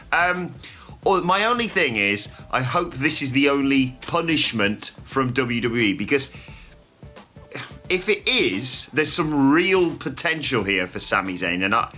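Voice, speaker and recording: Bright-voiced man chatting news. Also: mid-range voice. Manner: chatty, opinionated, with mild swearing. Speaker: wrestling news host. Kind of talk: casual news chat.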